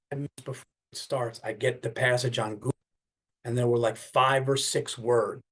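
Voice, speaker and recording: A middle-aged man with an ordinary, mid-range voice tells a story on his podcast. He is animated and loose, drops in swears and acts out the people he quotes. The talk is casual and comedic throughout. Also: mid-range voice. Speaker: podcast host.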